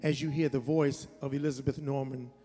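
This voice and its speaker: A man's voice: mid-range voice, little pitch movement, a little fast, mellow. Earnest man hosting in an echoey hall. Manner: earnest, conversational, with false starts. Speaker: event host. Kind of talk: speech at a school event. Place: school event hall. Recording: reverberant hall with music behind.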